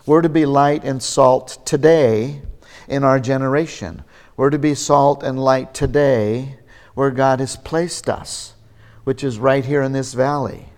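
A man delivering a sermon at an unhurried, measured pace. His voice sits in an ordinary middle pitch, and he leans on pauses to stress key words. It sounds like a pastor preaching to his congregation. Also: fairly even intonation, darkish tone. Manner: slow, deliberate preaching with emphatic pauses.

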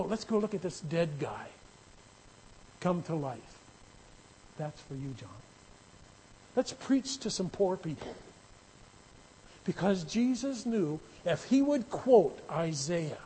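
A man's voice: on the high side, very animated, slow pace, pauses often, mellow, slight background noise, poor audio. A man preaching a sermon in a conversational way that builds into emphatic, raised passages. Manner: conversational, rising to emphatic bursts. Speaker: pastor.

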